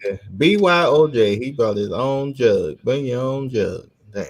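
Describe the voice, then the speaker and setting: A man hosting a casual podcast chat, telling stories in an animated, joking, slangy way. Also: mid-range voice, a little slow. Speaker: podcast host.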